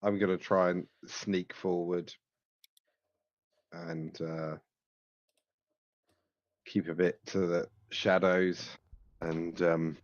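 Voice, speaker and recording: A man's voice: sits low, flat delivery, extremely slow, pauses often, no room sound, dull audio. Male tabletop player. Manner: hesitant, many fillers. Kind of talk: casual tabletop play.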